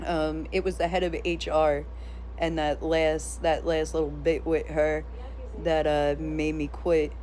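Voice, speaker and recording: A woman vlogger telling a story in a casual, animated rant, blunt and sometimes profane. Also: deep voice, unhurried.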